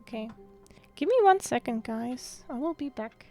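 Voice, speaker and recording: A woman streamer chatting through a game, excitable and quick to laugh and shout. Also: fairly high pitch, soft background music. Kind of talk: casual live-stream commentary.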